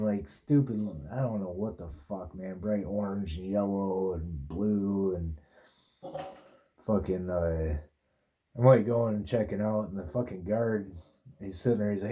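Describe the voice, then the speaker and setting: A man with a low, deeply mellow voice tells a casual story as a podcast host. He rambles in a laid-back way and swears often.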